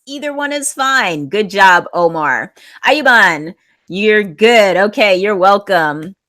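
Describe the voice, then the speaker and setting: A woman teaches an online English class, reading students' sentences aloud and offering gentle corrections. She speaks slowly and deliberately, with a lively, rising and falling pitch. Her manner is patient and encouraging.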